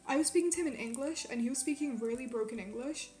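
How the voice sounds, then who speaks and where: A young woman from Quebec telling a story in a casual, animated way, swearing often and filling it with "like". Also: high voice, fast talker, echoey room. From Quebec, Canada. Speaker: streamer. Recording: faint music behind.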